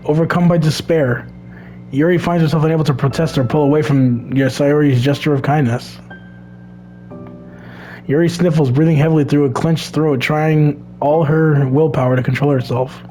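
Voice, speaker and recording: A man's voice: fairly high pitch, fairly even intonation, moderate pace, mellow, faint music behind. A man reading a visual novel aloud for a let's play, stumbling over words and dropping crude asides.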